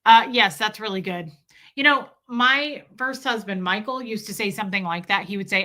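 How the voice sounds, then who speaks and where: Bright-voiced woman chatting with her live chat. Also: mid-range voice, expressive, normal speed. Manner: chatty, laughing, reads viewer comments aloud. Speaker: livestream host reading chat. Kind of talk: casual live-stream chat.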